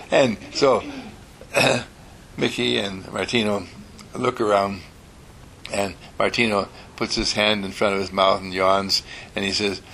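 A man telling an animated, playful bedtime story to children, often clearing his throat. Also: fairly low pitch, measured pace, a little hiss or hum.

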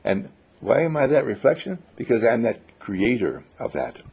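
Gravelly husky guy teaching a spiritual seminar, dull old tape. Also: mid-range voice, sing-song, moderate pace, a little mellow. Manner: enthusiastic, repetitive, storytelling. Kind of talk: inspirational spiritual lecture. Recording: dull lo-fi recording.

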